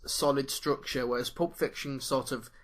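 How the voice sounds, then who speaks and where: A man co-hosting a movie podcast, giving his film opinions in calm, reasoned casual chat. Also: mid-range voice, normal speed. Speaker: podcast co-host.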